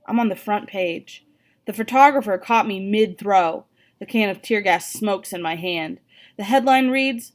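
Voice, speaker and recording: A woman reading a novel aloud, with an expressive, even delivery. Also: mid-range voice, moderate pace. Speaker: reader.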